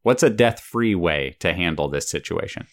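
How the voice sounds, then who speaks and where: Very deep-voiced woman interviewer. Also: expressive, moderate pace. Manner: patient, checks understanding by restating answers. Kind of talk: casual interview with a child.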